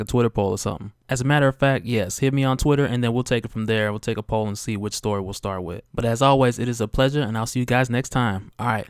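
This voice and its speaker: A man narrating a comic-book recap in a relaxed, slangy, conversational way. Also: medium pitch, smooth, no room sound, studio quality.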